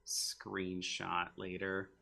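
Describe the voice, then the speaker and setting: A man's voice: low-pitched, completely flat delivery, extremely slow, vocal fry, sharp tone. Easygoing man chatting while he draws. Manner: rambling, hesitant, many ums and restarts. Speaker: comedy show co-host drawing live. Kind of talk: casual chat while drawing.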